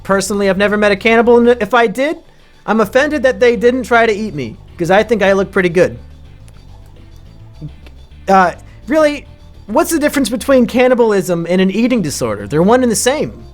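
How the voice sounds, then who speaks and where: A man live-streaming with crude, sarcastic commentary, now and then breaking into shouting rants. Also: high-pitched, very animated, a little fast, faint music behind. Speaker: streamer ranking mental illnesses.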